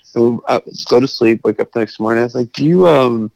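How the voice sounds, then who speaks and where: A man in his late thirties telling a story in casual chat, animated and swearing, acting out quotes. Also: medium pitch, fairly quick, vocal fry, no echo, muffled recording. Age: 30s.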